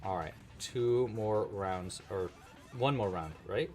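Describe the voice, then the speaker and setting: A man's voice: on the low side, slow, darkish tone. A man casually teaching a crochet-along on a livestream, chatty and playful, often chatting with his cat. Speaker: crochet instructor.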